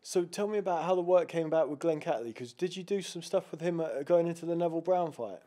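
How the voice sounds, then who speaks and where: A male interviewer with a warm, mellow tone and a slightly high pitch. He asks short questions, sometimes restarting them, and leaves his guest plenty of room to talk. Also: fast. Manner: brief prompts with hesitant restarts.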